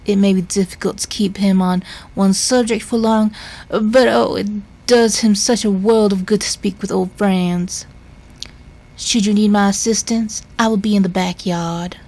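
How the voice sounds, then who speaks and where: A woman voicing a fussy, kindly elderly housekeeper in a slow Southern belle drawl, reading game dialogue aloud. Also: medium pitch. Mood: fussing.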